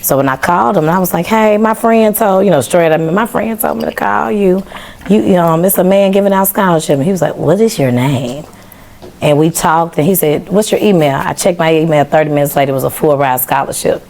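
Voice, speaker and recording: A woman's voice: on the low side, fairly quick, gravelly. A young woman from Memphis, a podcast guest telling her story in casual chat and acting out the dialogue. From Memphis, Tennessee. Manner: animated, acts out quoted dialogue.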